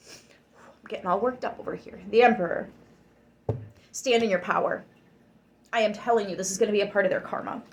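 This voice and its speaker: A woman's voice: mid-range voice, fairly quick, long pauses, a little hiss or hum. A woman giving a tarot reading to her viewers. She talks emphatically, swears freely and gets worked up. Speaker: tarot reader.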